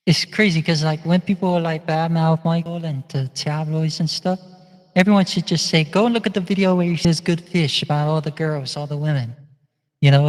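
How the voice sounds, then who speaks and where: A man vlogging in a chatty, meandering way, often laughing as he talks. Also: fairly high pitch. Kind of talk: casual rambling monologue. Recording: long echoing reverb.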